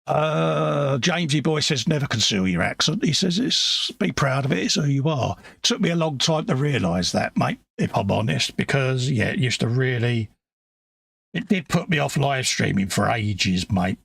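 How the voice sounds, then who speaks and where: Gravelly British man in his fifties. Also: mid-range voice, lively intonation, normal speed, no echo. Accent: British regional. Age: 50s. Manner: blunt, chatty, self-deprecating banter. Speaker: live stream co-host. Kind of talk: casual chat reading viewer comments.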